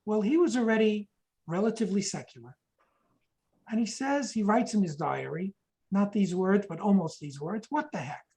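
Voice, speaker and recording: A woman's voice: mid-range voice, animated, normal speed, mellow, low-quality recording. A woman giving a history lecture, explaining points and reading quotations aloud, sometimes correcting herself mid-sentence.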